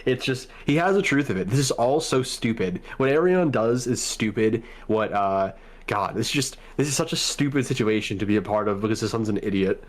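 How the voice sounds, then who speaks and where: A man co-hosting a podcast, speaking casually and bluntly, quick to criticize. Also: mid-range voice, lively intonation. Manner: blunt and critical, calls things stupid. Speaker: podcast co-host. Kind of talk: casual fan discussion.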